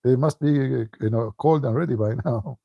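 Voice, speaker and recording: A man's voice: mid-range voice, moderate pace, vocal fry, no room sound, lo-fi sound, voice pushed up. A man putting on his fussy exasperated mother. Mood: impatient. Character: exasperated mother baking sweets, woman.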